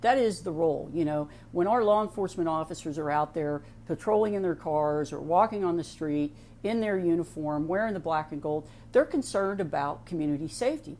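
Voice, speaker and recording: A middle-aged woman with an Ohio accent talks in a loose, conversational way. Her voice sits a little low, and she keeps slipping in "you know" asides and restarting her sentences as she speaks on a program. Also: brisk, hardly any pauses, mellow, a little hiss or hum. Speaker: sheriff's office veteran speaking on a program. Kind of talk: casual monologue with a personal story.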